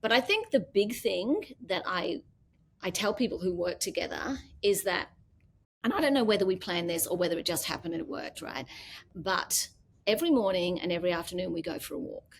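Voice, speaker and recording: Speaking a little fast in a fairly low, gravelly voice, a middle-aged Australian business founder tells stories in a casual interview, animatedly performing the quoted lines. Slight background noise is audible.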